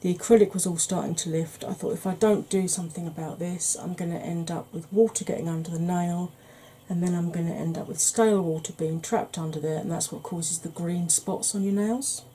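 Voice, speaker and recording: A woman's voice: fairly low pitch, fairly even intonation, brisk, few pauses, dark tone, a little hiss or hum. A woman hosting a makeup channel, chatting casually through a tutorial with rambling, self-deprecating asides.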